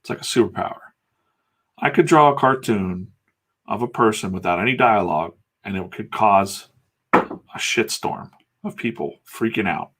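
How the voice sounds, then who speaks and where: As he draws, the middle-aged comics artist from the United States who hosts the channel chats on candidly, rambling and swearing some. He speaks at a moderate pace in a lowish voice that is a bit bright and slightly rough.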